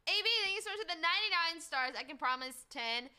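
A woman's voice: extremely high pitch, animated, fast, pushed and bright. A woman streaming a shooter game, chatting casually, thanking viewers and cursing bluntly. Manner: blunt and profane, thanks chat mid-game. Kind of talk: casual gaming stream chat.

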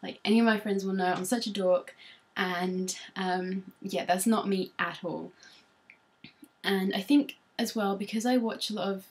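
A woman's voice: mid-range voice, steady tone, moderate pace. A young woman from Norfolk with a Norfolk English accent, chatting casually to camera at home as a beauty vlogger, rambling and self-conscious with many ums. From Norfolk, England.

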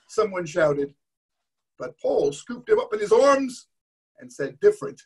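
A man's voice: high-pitched, sing-song, measured pace, a little mellow, slightly rough. A man telling an interactive story to an all-age church audience and cueing them to act along. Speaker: guest storyteller. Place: church service.

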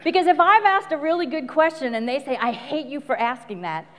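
A middle-aged woman coach giving an animated live talk full of stories, laughing often and acting out quotes. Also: sits high, fairly quick, big-room sound. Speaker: speaker and coach. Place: large venue before an audience.

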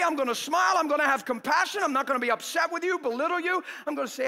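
A man preaching a fervent, exhorting sermon that bursts into shouting, in a church. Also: extremely high pitch, fast talker, few pauses, long reverb tail.

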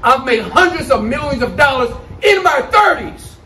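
A man with a very high, bright voice shouting a hyped sales pitch. He sounds like an online wealth promoter pushing hard. A faint noise sits behind him. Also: expressive, normal speed. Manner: loud, shouting hype.

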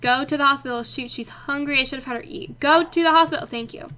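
A young woman hosting a casual let's play, chatty and excitable, talking to the characters on screen. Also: high-pitched, fast talker. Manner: chatty, excitable, talks to her game characters. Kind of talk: casual game commentary.

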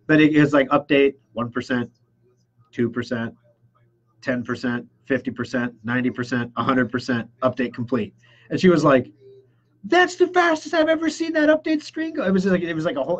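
Chatty husky-voiced man on a live stream. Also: medium pitch, dull audio. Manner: chatty, enthusiastic storyteller acting out customers. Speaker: host of a computer repair call-in show. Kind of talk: casual live-stream chat answering questions.

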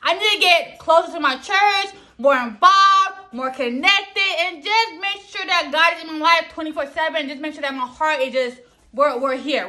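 A young woman vlogging about her New Year goals in a chatty, animated way, full of slang and asides to her viewers. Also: high voice, normal speed. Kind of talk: casual chat to camera.

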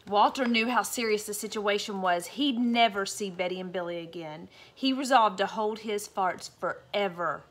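A woman's voice: mid-range voice, normal speed, hardly any pauses, a bit bright. A woman reading a picture book aloud to children, playful and chatty, stopping for asides.

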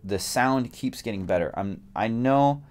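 A man talking casually to camera about his new guitar, slangy and jokey, jumping between excited bursts and low mumbles. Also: measured pace. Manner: slangy and jokey, with big swings up and down in pitch. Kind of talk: casual vlog chat.

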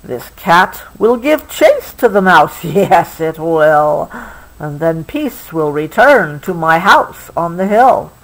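A woman's voice: fairly low pitch, very animated, takes it slowly, voice pushed down, full character voice, low-quality recording. A woman reading a picture book aloud, giving the lines of a grumpy man who wants to live alone. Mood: grumbling.

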